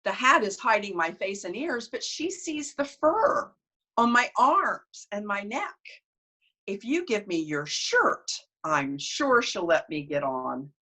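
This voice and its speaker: The sly male coyote trickster of a folk tale, as a woman storyteller puts him on, speaking in a bright, lively voice. He talks smoothly and without hurry, and sounds perfectly innocent while he plays his tricks. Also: a little high, slow pace, full character voice.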